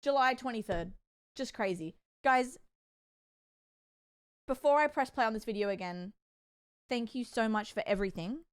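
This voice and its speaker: A woman's voice: fairly high pitch, normal speed, long pauses, clean tone. A young woman streaming, chatting casually with her viewers, giggly and rambling, blurting out crude jokes. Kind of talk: casual livestream chat.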